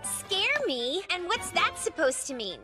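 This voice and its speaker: A woman's voice: very high voice, sing-song, unhurried, heavily acted. A woman voicing a playful, teasing young noble girl in an anime English dub. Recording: studio voice over music.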